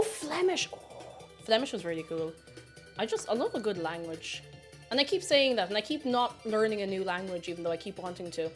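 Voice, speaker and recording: A woman chatting bubbly on a livestream, reading chat messages aloud while she bakes. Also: on the high side. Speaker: streamer.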